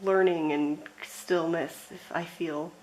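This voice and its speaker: A woman's voice: low voice, fairly even intonation, a little mellow, a little hiss or hum, rough recording. A woman giving a pick-a-card tarot reading, speaking in a reflective, emotional way. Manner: slow, emotional, reflective, with laughs. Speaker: tarot reader.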